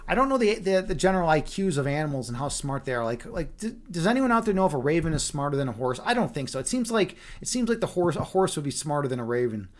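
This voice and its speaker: A man's voice: a little high, sing-song, fast talker, hardly any pauses. A man livestreaming, reading a fairy tale aloud and chatting with viewers in a rambling way, repeating his words.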